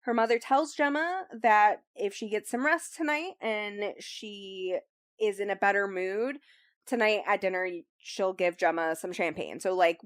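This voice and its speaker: A woman's voice: mid-range voice, unhurried, no echo, clean studio sound. Chatty young woman recapping a book. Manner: rambling, filler-heavy, says "like" and "um" often. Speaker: book club host recapping the book. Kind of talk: casual podcast chat, summarizing a novel.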